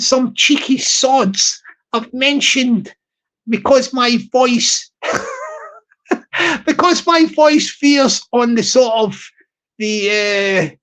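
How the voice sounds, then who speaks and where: A man with a high-pitched voice hosts a motivational pep talk. He rambles from one thought to the next and often stumbles and restarts his sentences. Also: a bit bright, low-quality recording. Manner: rambling, with many restarts and laughs. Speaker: podcast host.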